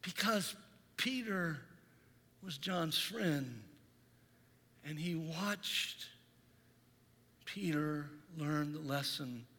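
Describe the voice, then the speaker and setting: A male pastor preaching a Sunday sermon in a church, telling stories in an animated, dramatizing way. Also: a little high, very slow, long pauses, long reverb tail. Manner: animated storytelling, dramatizes scenes. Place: church sanctuary.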